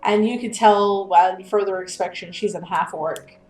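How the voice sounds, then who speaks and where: A woman narrating a tabletop game as game master, in a relaxed, easygoing way. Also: medium pitch, normal speed, soft background music. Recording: echoey room.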